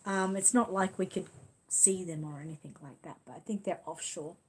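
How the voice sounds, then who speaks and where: A woman's voice: fairly low pitch, normal speed, darkish tone, slight background noise. A woman from Australia with an Australian accent, hosting a casual live stream and chatting as she reads out viewer comments. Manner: chatty, reads comments aloud and reacts with small laughs. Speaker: channel host reading viewer comments.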